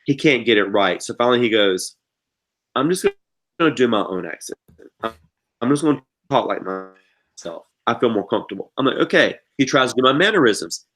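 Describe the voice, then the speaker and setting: A man's voice: mid-range voice, fairly quick. A middle-aged man with an Eastern North Carolina accent, telling stories dramatically as a podcast guest. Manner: animated, dramatic storyteller. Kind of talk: casual storytelling chat.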